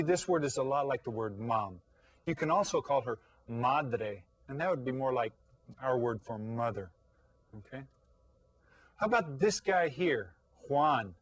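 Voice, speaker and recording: A man teaching a recorded lesson for young children, patient and full of questions, saying each Spanish word slowly. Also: medium pitch, no echo, poor audio.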